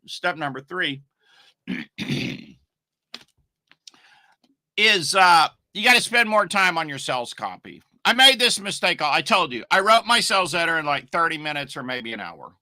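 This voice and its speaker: Middle-aged man, slangy rambling marketing talk, very bright tone, dry close mic. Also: fairly high pitch, sing-song, measured pace, long pauses, no echo. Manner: rambling, emphatic, slangy, asides to viewers. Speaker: online marketing teacher hosting a live stream. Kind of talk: casual live stream talk.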